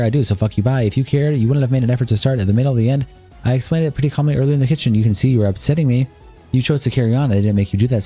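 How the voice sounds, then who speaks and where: A man streaming live, reading out both sides of a long text-message argument in a flat reading voice. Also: mid-range voice.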